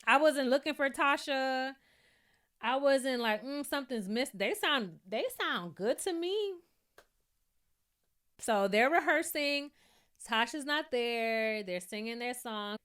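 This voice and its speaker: Her voice sits on the high side and sounds clean as this YouTube reviewer chats through a show recap. She laughs a lot, stays animated, and imitates lines people said in the show.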